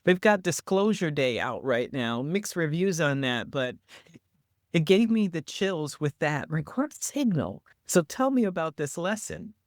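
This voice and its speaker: A man with a fairly high voice hosts an interview, chatty and enthusiastic as he sets up each topic. He gets animated when paraphrasing others. The sound is dry and close. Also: measured pace, no echo. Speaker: host and entrepreneur coach. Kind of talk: interview hosting.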